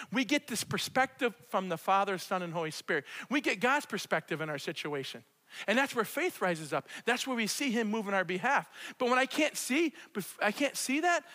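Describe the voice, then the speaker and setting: A man preaching a conversational sermon and leading spoken prayer, in an animated way that repeats itself and speaks straight to the congregation. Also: very high voice. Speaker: pastor. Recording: long hall reverb.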